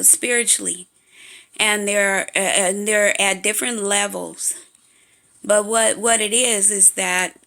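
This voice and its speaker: Woman rambling slow and earnest about faith stuff, gravelly voice, lots of ums and restarts. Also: mid-range voice, fairly bright tone. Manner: halting, with many fillers and restarts; earnest, agitated. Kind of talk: personal spiritual monologue.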